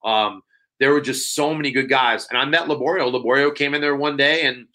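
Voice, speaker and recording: Guest storyteller, male, loose and rambling, bright timbre. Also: mid-range voice, steady tone, a little fast. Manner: rambling, many fillers, acts out dialogue. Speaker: podcast guest. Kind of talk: casual storytelling.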